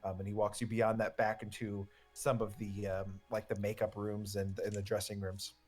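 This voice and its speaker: A man's voice: lowish voice, flat delivery, normal speed, darkish tone, soft background music. A man narrating as game master of a tabletop game, rambling with many fillers.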